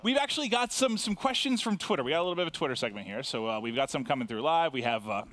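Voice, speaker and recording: A young man hosting a live esports show, animated and quick to laugh. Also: a little high.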